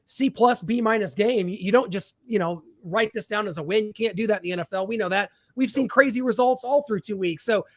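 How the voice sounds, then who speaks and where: Male podcast host, very high voice, animated emphatic banter, dry close sound. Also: a little fast, hardly any pauses, no room sound. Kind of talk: casual sports chat.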